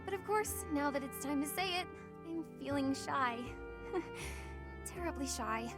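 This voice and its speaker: An actress voicing a shy young woman in a video game, speaking in a halting, bashful way. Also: sits high, expressive. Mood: tearful joy. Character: shy young woman tearfully confessing love. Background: loud game music.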